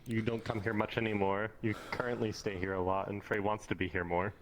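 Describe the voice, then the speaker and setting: A man's voice: lowish voice, flat delivery, a little fast, a little hiss or hum, low-quality recording. A man playing a tabletop role-play game, making laid-back, wry asides.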